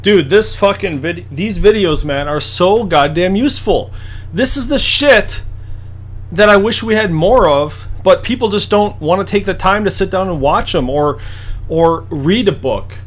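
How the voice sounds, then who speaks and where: A man breaks into a video with a blunt, profane reaction rant. His high voice swings widely as he hammers his points home. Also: lively intonation, measured pace. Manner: blunt, crude, emphatic ranting.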